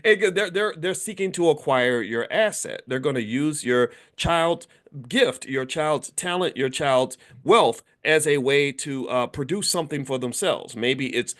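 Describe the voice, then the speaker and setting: A middle-aged American man, a finance educator hosting his channel, giving an animated, casual motivational talk and acting out the voices of people he quotes. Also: on the high side, measured pace.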